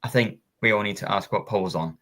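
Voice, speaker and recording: A man co-hosting a football podcast, talking casually with hesitant, halting restarts. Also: fairly low pitch, sharp tone. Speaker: podcast co-host.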